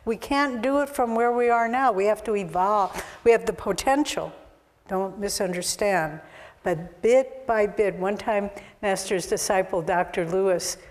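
A woman's voice: medium pitch, a little slow, a little mellow. A woman spiritual teacher giving an earnest, exhortative sermon, recorded with long hall reverb.

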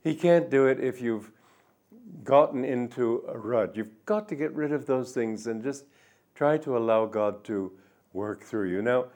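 An older man giving a reflective spiritual talk, speaking gently and musingly, with soft drawn-out endings. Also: mid-range voice. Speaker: spiritual teacher.

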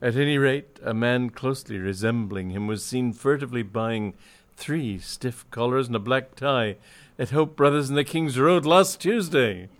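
A man reading a comic story aloud in dry, measured narration with wry timing. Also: mid-range voice.

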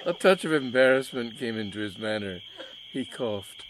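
A man reading a comic story aloud in a measured, wry narrating voice. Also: mid-range voice, expressive, background noise.

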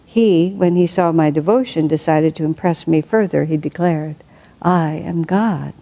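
A woman reading aloud from a spiritual book and adding her own reflective commentary, thinking aloud with soft laughs. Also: low-pitched, steady tone, moderate pace, rough recording.

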